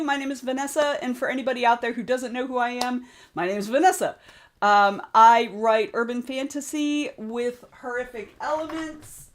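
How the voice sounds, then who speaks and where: A woman's voice: a little high, normal speed. Southern woman streamer, chatty and rambling, greets chat by name, desk-mic sound. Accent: Southern US (Georgia). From United States. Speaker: streamer and author. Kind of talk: casual livestream chat.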